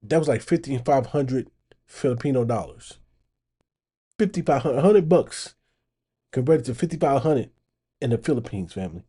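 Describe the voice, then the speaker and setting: A man hosting his channel, giving casual reaction commentary on video clips and getting animated when he makes a point. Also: mid-range voice, moderate pace, long pauses, slightly rough.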